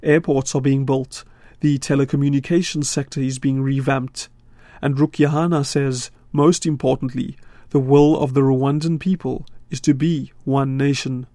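A man reporting a radio news feature in a measured, scripted voice-over from a studio. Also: medium pitch, no room sound. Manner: measured, steady delivery.

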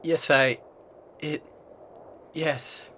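A woman doing a beaten young man, weak and close to tears, speaking very slowly and haltingly. His words come out broken, with a faint hiss under the recording. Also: low voice, fairly even intonation, fairly bright tone, heavily acted.

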